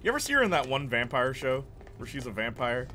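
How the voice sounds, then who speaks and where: A man's voice: medium pitch, big pitch swings, fast talker, sharp tone, a little hiss or hum. A young man streaming a video game, rambling casually and answering chat, laughing often. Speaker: gaming streamer. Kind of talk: casual chat while playing. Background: game music.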